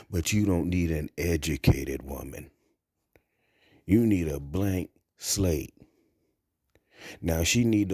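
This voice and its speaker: A man's voice: low voice, mellow, no room sound, clean studio sound. A man talking to camera in a blunt, crude, rambling monologue. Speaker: vlogger. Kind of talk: casual monologue.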